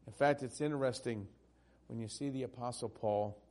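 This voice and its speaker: A male pastor preaching a sermon, swinging from loud, emphatic peaks down to hushed, tender passages. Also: medium pitch, moderate pace.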